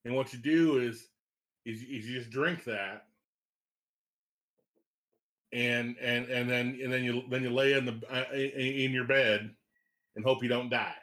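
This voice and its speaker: A man's voice: mid-range voice, close to an everyday voice. A man putting on a stammering Southern good ol' boy. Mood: deadpan folksy. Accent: put-on Southern US. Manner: stammering, repeats words, drawn-out and deadpan. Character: folksy rambling Southern man giving bad recipes. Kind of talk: comedic improv on a remote podcast.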